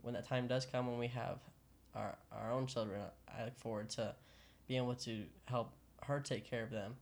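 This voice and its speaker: A young man speaking as a podcast guest, easygoing and earnest, with halting restarts. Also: medium pitch, fairly even intonation. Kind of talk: casual chat.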